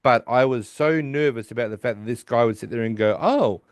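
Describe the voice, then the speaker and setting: A middle-aged Australian man co-hosting a podcast in casual, animated, joking chat. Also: medium pitch, brisk, smooth, no room sound, studio quality. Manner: animated, jokey, talks over his co-host. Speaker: podcast co-host.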